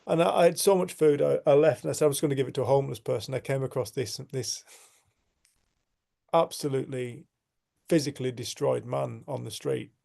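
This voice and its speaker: A man with a deeply gravelly, mellow voice tells a personal story to his community group. He speaks earnestly and reflectively, often restarting his sentences as he gathers his thoughts. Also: a little fast. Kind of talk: storytelling in casual conversation.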